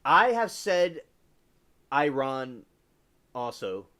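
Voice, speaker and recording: A man chats loosely through a livestream at a middle pitch. He rambles from topic to topic and often stops to read viewer comments and answer them. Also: expressive, normal speed, a bit bright. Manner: rambling, reads chat aloud and answers viewers. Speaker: livestream host. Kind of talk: casual livestream chat.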